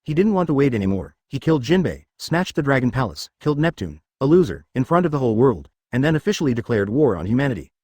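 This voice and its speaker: A man reading a web novel aloud as a scripted story narration, in an even storytelling manner. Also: mid-range voice, fast, few pauses, no echo.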